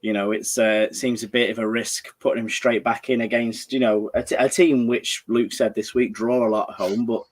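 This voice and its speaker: A man's voice: lowish voice, flat delivery, brisk, hardly any pauses. A man hosting a casual football livestream, chatting and reading out viewer comments. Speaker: livestream host.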